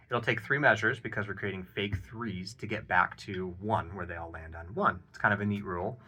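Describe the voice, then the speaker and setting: A man giving a casual drum lesson, counting beats aloud and explaining an exercise in a relaxed, encouraging way with plenty of ums and uhs. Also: on the low side, normal speed. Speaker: drum teacher. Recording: loud drum playing behind the voice. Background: drum kit playing.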